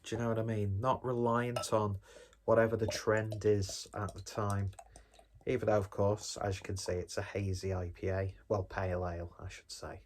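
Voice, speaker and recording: A man's voice: lowish voice, level tone, moderate pace, slight background noise. A man casually reviewing a beer on his vlog in a rambling, jokey, self-deprecating way.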